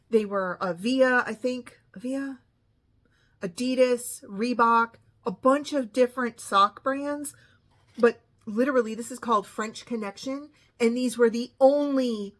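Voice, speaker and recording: A woman's voice: on the high side, fairly bright tone. A woman in her fifties telling a long, rambling story in a casual monologue, chatty and exasperated. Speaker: vlogger.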